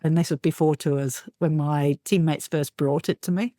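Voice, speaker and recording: A woman paranormal investigator, telling lively anecdotes as a guest, acting out quotes and laughing often. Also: deep voice, normal speed, no echo, studio quality. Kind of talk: animated storytelling in an interview.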